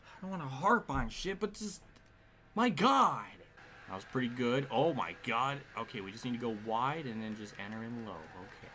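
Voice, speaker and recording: A man's voice: medium pitch, animated, a little fast, a bit bright, slight background noise. A male streamer giving live gameplay commentary, frustrated, swearing and sighing often.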